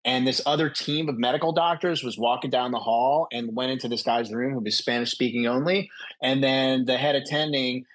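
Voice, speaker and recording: The doctor guest, a young adult man with a mid-range voice, goes a little fast as he shares a story in a relaxed video-call chat. He's lively and foul-mouthed, acting out whoever he quotes.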